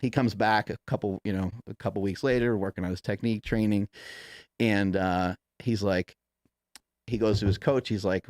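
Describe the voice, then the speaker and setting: A man with a low voice rambles through a story in casual chat, swearing freely and acting out each line of dialogue. He breaks into laughs as he goes, and the sound is dry and close. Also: fairly even intonation, normal speed, a little mellow, no echo. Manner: profane, rambling, acts out quotes with laughs.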